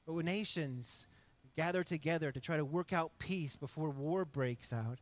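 Middle-aged male pastor, earnest conversational sermon delivery, a touch high-pitched. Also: normal speed, no echo. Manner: earnest, conversational preaching with asides and restarts.

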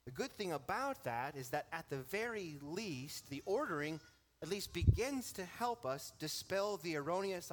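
A man preaching a sermon to his congregation, explaining a Bible verse with emphatic stress and shifting pace. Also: a little high. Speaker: pastor.

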